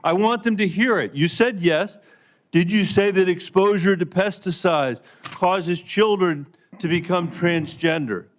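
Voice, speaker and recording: A man's voice: sits high, a little slow. A man, a senator, questioning a nominee at a hearing in a pointed, insistent yes-or-no manner.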